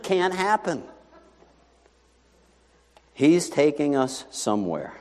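A male pastor preaches a conversational sermon, firing rhetorical questions at his congregation. His pitch is somewhat high and swings widely. His voice carries a long reverb from a large church hall. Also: big pitch swings, slow pace, a little mellow.

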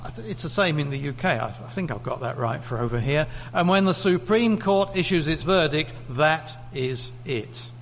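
A man's voice: on the high side, animated, normal speed, few pauses. A man from the UK preaching a sermon in a conversational way, putting questions to the congregation. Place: church hall. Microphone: lectern mic. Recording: echoey hall, faint hum.

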